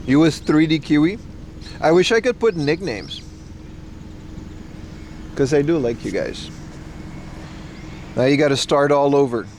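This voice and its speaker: Chill streamer guy on a hike, rambly and sweary, voice a bit high, faint outdoor noise behind. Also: animated, measured pace, long pauses, a little mellow. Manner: laid-back, rambling, swears freely. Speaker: livestreamer. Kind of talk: casual live-stream chat.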